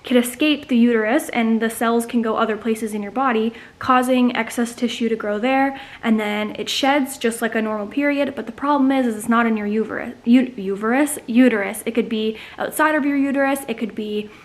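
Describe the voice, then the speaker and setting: A woman's voice: fairly high pitch, a little fast, hardly any pauses. A young woman in her twenties telling a personal story to camera in a casual, chatty vlog, with many fillers. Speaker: vlogger.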